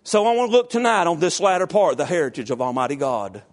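Preacher, male, high voice; shouted peaks, drops to quiet confiding asides. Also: fast. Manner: shouts and drawls in rising bursts, then drops low and confiding. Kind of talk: fiery Pentecostal-style sermon.

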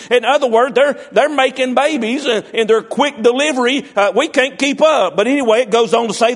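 A male preacher with a strikingly high voice. He reads scripture, then explains it in a folksy, fervent way, with lots of "uh" as he goes. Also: fairly quick, hardly any pauses. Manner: folksy, fervent, many "uh" fillers. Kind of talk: sermon.

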